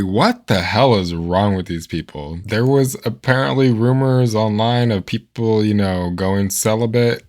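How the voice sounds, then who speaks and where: A man hosting a comedic reaction video, talking in an animated, incredulous way and firing off rhetorical questions. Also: lowish voice, moderate pace, hardly any pauses. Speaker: host reacting to dating app voice notes.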